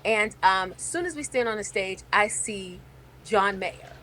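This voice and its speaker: A woman's voice: mid-range voice, measured pace, a little hiss or hum, poor audio. A woman comedian telling a story in casual chat, swearing freely and acting out what others said. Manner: lively storyteller, swears freely, acts out quotes. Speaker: comedian guest.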